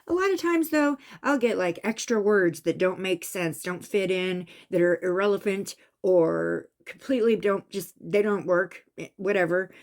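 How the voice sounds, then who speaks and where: Woman vlogger, casual storytelling, emphatic, mid-pitched. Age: adult with a son. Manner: animated, emphatic, raising voice at tense moments. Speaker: vlogger recounting a psychic experience.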